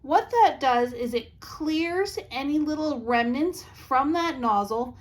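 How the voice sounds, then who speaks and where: A woman's voice: high voice, expressive, takes it slowly. A middle-aged woman hosting a craft tutorial, chatty and reassuring as she gives practical tips step by step.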